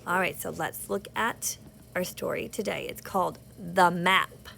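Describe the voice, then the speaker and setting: A woman teaching an early reading lesson, slowly sounding out words for young children. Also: on the low side, steady tone, gravelly, bright, forceful tone, slight background noise. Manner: slow, patient, sounding out words, speaks to kids.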